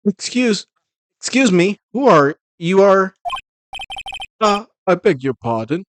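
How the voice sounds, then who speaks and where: A man's voice: high voice, very animated, slow, noisy background, voice pushed up, exaggerated voice. A man reading as a flustered young lawyer. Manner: awkward, self-conscious. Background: video game music.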